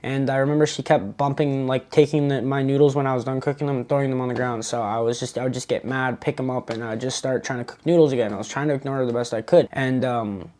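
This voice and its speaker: A twenty-year-old man telling his own story in a personal vlog, halting and earnest, with many restarts. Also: mid-range voice, fairly even intonation, a little mellow.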